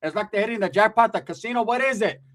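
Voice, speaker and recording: A brash, money-hungry middle-aged mother, voiced by a man who scolds and complains with no filter. Her voice sits somewhat higher and pushes a bit louder. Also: fast talker. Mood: greedy. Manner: bossy, profane, complaining.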